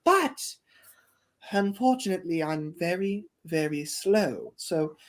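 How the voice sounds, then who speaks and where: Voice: mid-range voice, expressive, slow pace. A livestreamer voicing a rude male car stuck at a crossing, pleading and whiny.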